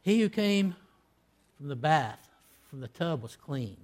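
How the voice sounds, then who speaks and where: A male preacher with a slightly raised pitch gives an impassioned sermon at a somewhat slow pace, with big swings in pitch. He builds to loud, emphatic peaks before falling to hushed, low endings, and reads quoted scripture in old-fashioned wording.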